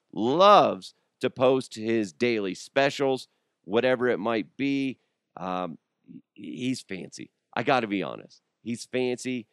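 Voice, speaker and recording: A man's voice: lowish voice, smooth, no echo, clean studio sound. A middle-aged man hosting a radio show in a casual comedic chat, rambling and joking with frequent laughs.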